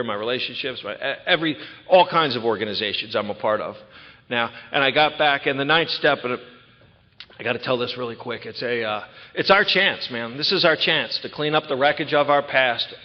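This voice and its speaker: A middle-aged man giving a personal recovery talk at a retreat, telling his story in an animated way with quick asides. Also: medium pitch. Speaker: recovery speaker. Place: large hall at a retreat. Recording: dull sound with long hall reverb.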